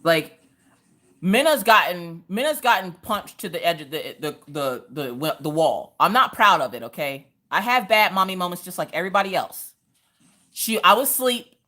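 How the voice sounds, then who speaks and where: A woman hosting a casual crafting livestream, telling family stories in a lively, animated way. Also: fairly low pitch, normal speed. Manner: lively storytelling, acting out family voices. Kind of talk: casual chat while crafting.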